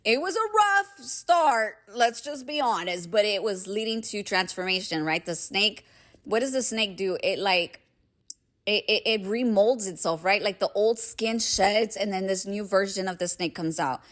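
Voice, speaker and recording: A woman's voice: mid-range voice, normal speed, fairly bright tone. A young adult woman hosting her own podcast, talking in an emphatic, casual motivational monologue full of "like" and swearing. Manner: emphatic, swears freely, heavy use of "like". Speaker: podcast host.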